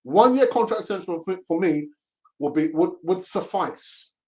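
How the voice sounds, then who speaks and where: This voice sits high and sounds animated, with a dark tone and normal speed. He's hosting a casual fan-channel live stream, laughing while he reads chat messages and mimics pleading voices mockingly.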